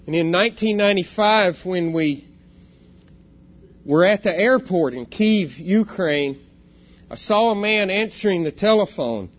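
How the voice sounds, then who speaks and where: Earnest high-voiced man preaching. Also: lo-fi sound. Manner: earnest, reflective, asks rhetorical questions. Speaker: church elder preaching. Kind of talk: sermon.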